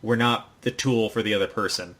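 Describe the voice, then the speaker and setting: A man voicing a calm, earnest young girl in passing, in his own voice, halting over his words. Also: lowish voice.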